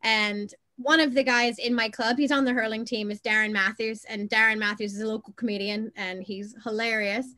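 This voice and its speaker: A fairly high-pitched woman in her thirties, American-accented with a few Belfast turns of phrase. She chats easily in an interview, telling stories and laughing along the way. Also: fairly even intonation, fairly quick, hardly any pauses, bright, forceful tone. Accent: American with Belfast touches. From Boston, USA. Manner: chatty storyteller, laughs easily. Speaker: interview guest. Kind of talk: casual interview chat.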